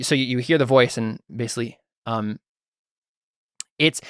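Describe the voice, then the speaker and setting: A man's voice: medium pitch, fairly bright tone, no room sound, clean studio sound. A man narrating as game master of a tabletop role-playing game, talking loosely with many fillers and restarts.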